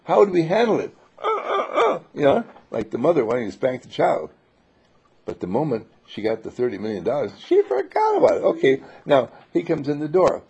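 Gravelly, husky man giving an animated spiritual talk. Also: fairly high pitch, fairly quick. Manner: animated, acts out quoted voices; laughs between phrases. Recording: dull lo-fi recording.

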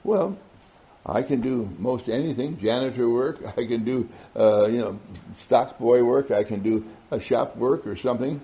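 Man voicing a naive humble young guy, hesitant, gravelly. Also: mid-range voice, moderate pace, dark tone, close to an everyday voice. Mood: modest. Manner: modest, hesitant.

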